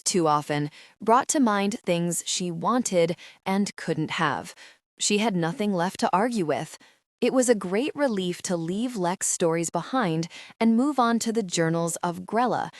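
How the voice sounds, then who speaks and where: Low-voiced woman narrating an audiobook. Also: no echo, clean studio sound. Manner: measured, steady reading.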